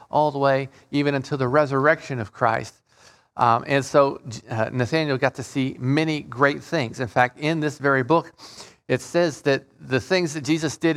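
A man's voice: medium pitch, a bit bright. A man leading an informal Bible study, reading King James scripture aloud and explaining it with frequent restarts and repeated words. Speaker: Bible teacher.

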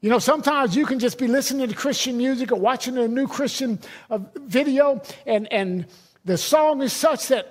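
A man's voice: very high-pitched, normal speed. A middle-aged man, a pastor, preaching a sermon in a conversational, emphatic way with personal stories.

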